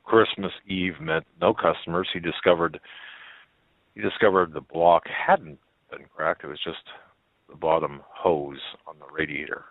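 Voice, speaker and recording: A man reading a story aloud as a radio host, in a halting way with many fillers and restarts. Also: low-pitched, fairly even intonation, no room sound. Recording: tinny phone-like line.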